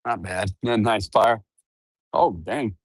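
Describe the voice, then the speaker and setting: A man's voice: fairly low pitch, slow pace, no echo, clean studio sound. A middle-aged man chatting casually through an earbud mic while walking around his ranch outdoors, laughing often and cooing at his dogs. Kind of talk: casual walk-around vlog.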